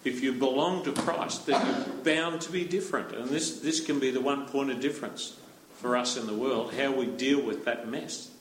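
Australian man, panel guest, frank, self-deprecating, halting, roomy echo. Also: mid-range voice, steady tone, a little hiss or hum. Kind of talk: panel discussion.

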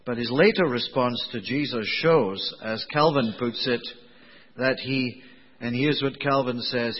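A man preaching a sermon in a conversational, digressive way, with a slightly husky voice. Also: medium pitch, unhurried. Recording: dull lo-fi recording in a reverberant hall.

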